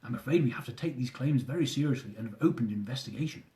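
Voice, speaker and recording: A man's voice: medium pitch, quick pace, warm tone, roomy sound, close to an everyday voice. A man voicing a stern, formal female immigration officer, close to his own voice.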